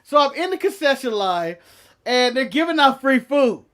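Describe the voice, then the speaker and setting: A high-voiced man telling a story on a casual podcast. He is animated and profane and laughs often. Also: moderate pace. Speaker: podcast co-host.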